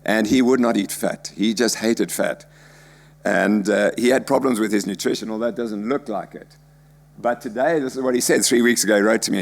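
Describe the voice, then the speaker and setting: Older prof, chatty talk with jokes, low gravelly voice. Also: male voice, brisk. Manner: chatty, anecdotal, jokey asides. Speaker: professor giving a lecture. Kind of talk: conference presentation with slides.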